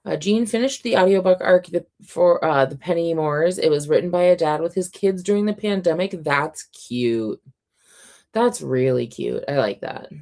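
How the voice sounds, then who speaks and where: A woman hosting a casual reading livestream at home, chatty and quick to laugh, her voice a little sore and scratchy. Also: on the low side, darkish tone. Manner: chatty, reads out chat comments, laughs often. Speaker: reading sprint livestream host.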